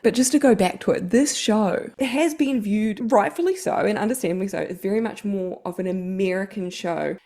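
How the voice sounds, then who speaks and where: A woman's voice: medium pitch, normal speed, few pauses, mellow. Woman, New Zealand accent, podcast co-host, casual chat, enthusiastic, laughs often. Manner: enthusiastic, laughs often, uses Kiwi slang.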